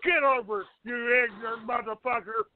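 A man's voice: extremely high pitch, fairly quick. A man hosting a call-in show, hostile and profane, cursing and insulting callers. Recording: tinny phone-like audio.

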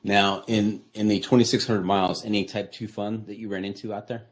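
Male podcast host, very low voice, relaxed and upbeat. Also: brisk. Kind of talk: interview host.

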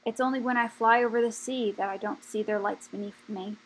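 A woman's voice: on the high side, fairly even intonation, fairly quick, slightly rough, rough recording. A woman voicing a mocking young male dragon in a storybook reading, scornful in tone.

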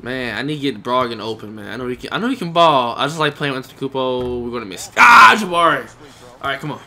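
A young man giving live commentary over his own basketball video game, reacting loudly to each play and talking to the players and his viewers. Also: mid-range voice, racing, a little hiss or hum. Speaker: gaming YouTuber.

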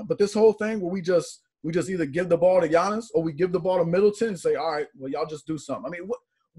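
A man's voice: sits high, slightly rough. A man co-hosting a sports chat, earnestly and with exasperation critiquing a team's play. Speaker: podcast co-host. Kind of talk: casual sports analysis.

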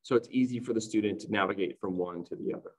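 A man's voice: fairly low pitch, quick pace, low-quality recording. A man presenting to fellow teachers in an online conference talk, explaining classroom activities in a chatty way and often checking in with "right?".

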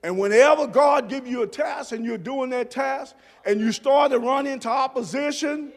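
A pastor preaching a sermon, dropping to soft low murmurs and rising to shouted emphasis. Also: male voice, normal speed, in a large hall. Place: church sanctuary.

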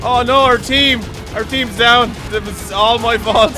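A man playing a shooter for the first time, laughing, swearing and shouting at his teammates as he goes. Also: extremely high pitch, steady tone, measured pace. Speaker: gaming YouTuber. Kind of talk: excitable let's-play commentary. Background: game music and vehicle sounds.

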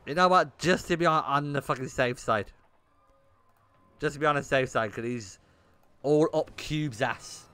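A man's voice: fairly high pitch, measured pace, pauses often, pushed and bright, clear, resonant tone, no room sound. A young man streaming a game, chatting bluntly with his viewers and swearing often. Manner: blunt and swearing, talking to chat in bursts. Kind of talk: casual livestream chat while gaming.

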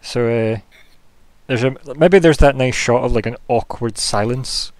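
A man's voice: medium pitch, measured pace, a little mellow, no echo. A man narrating as game master of a tabletop game, rambling with lots of fillers. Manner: rambling, full of "kinda, like" fillers.

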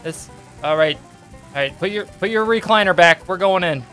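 A young man from the United States hosting his gaming channel, giving jokey let's-play commentary and bursting into yelps and shouts. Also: high voice, moderate pace, soft background music.

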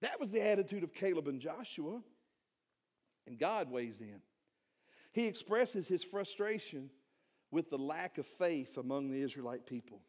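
Man, pastor, fairly high voice, animated sermon, stacked rhetorical questions. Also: moderate pace. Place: church sanctuary.

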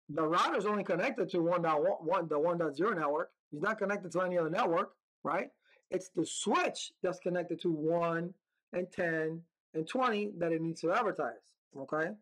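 A man's voice: high voice, moderate pace, a bit bright, rough recording. A man teaching a networking lab in a casual, upbeat way, talking to himself as he types commands. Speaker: networking instructor. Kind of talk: screen-recorded lab walkthrough.

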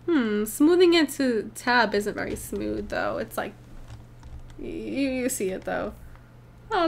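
A woman's voice: a little high, a little hiss or hum. A young woman casually narrating a life-sim game from her room at home, chatty, rambling and upbeat, reacting aloud as she plays. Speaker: gaming channel host. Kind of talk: casual let's play commentary.

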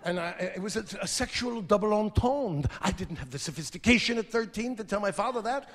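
A man in his fifties performing a stand-up comedy routine on stage, animated, breaking into shouted impressions and sung snatches. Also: sits high, brisk, long reverb tail. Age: 50s. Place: theater stage before an audience. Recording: live stage mic over a laughing crowd and noise.

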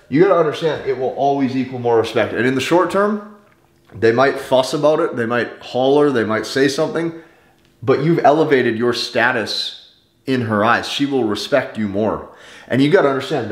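A man lectures straight to camera on dating, his voice pitched in an ordinary middle range. He sounds insistent and emphatic, and he hammers his points by repeating words. The room around him is echoey. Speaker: dating advice host. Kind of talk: direct-to-camera monologue.

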